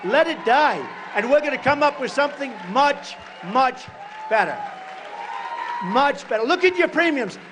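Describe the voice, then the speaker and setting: A man in his sixties giving a campaign rally speech at a podium, repeating short punchy phrases and breaking into shouts. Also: extremely high pitch, lively intonation, normal speed, a crowd in the background, background noise. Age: 60s. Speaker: political candidate at a rally. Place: large rally venue.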